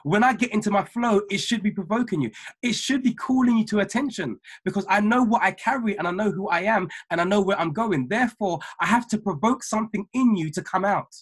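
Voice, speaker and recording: A man giving an emphatic, repetitive motivational talk to his trading mentees over a video call, building from calm to fiery. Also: high-pitched, brisk, few pauses, husky. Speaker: trading mentor.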